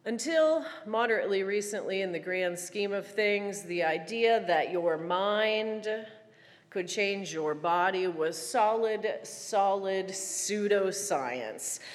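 A woman giving a prepared reflective talk, telling stories in a wry, animated way with dramatic pauses. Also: medium pitch. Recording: long reverb of a large hall.

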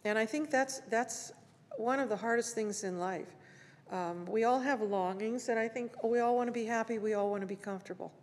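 At a morning service, a woman with a fairly high voice gives a reflective talk and recites poetry. She is gentle and unhurried, leaving long pauses between phrases, and the hall around her is reverberant.

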